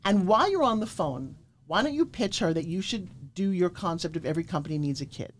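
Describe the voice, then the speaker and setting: Animated middle-aged woman telling stories. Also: fairly low pitch, fast talker. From Florida. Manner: emphatic, animated, acts out quotes. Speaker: guest, pitch coach. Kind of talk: energetic motivational storytelling.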